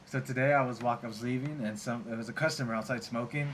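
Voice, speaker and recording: A young man co-hosting a podcast, chatty, cutting in with quick stories and questions. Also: mid-range voice, steady tone, crowd noise, poor audio. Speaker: podcast co-host. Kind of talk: casual chat. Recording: background noise.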